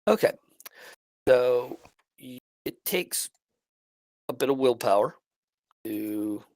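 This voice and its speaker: A man narrating as game master of a tabletop role-playing game, halting and restarting often. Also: medium pitch, lively intonation, a little mellow, no echo, poor audio. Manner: halting, many restarts and fillers.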